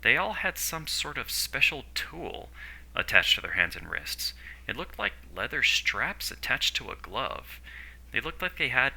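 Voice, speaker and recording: A man narrating a story in a steady, descriptive way. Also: medium pitch, unhurried, vocal fry, rough recording.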